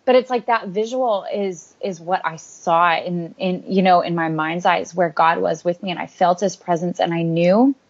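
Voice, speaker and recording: A woman's voice: lowish voice, moderate pace, few pauses. A woman, a guest author, sharing an earnest and rambling personal faith story in an interview, with many fillers. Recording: dull lo-fi recording.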